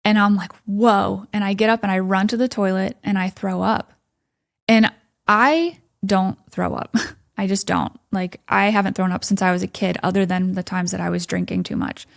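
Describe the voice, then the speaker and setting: A woman's voice: mid-range voice, steady tone, moderate pace, creaky. A woman giving a candid personal testimony as a podcast guest, quoting her own thoughts. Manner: candid storytelling with quoted inner thoughts and soft laughs.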